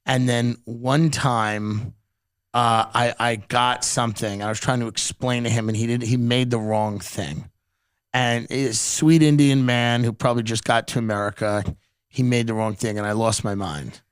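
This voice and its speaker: A man's voice: mid-range voice, steady tone, normal speed, clear, resonant tone. A man hosting a podcast, telling rambling, profane comic stories in a casual chat. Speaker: podcast host.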